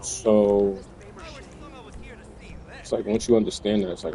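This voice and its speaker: Low-voiced, laid-back gamer. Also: male voice, fairly even intonation, unhurried, warm tone, poor audio. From New Jersey. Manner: laid-back, slangy, rambling. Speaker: gaming streamer. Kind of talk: casual commentary while playing. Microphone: USB desk microphone.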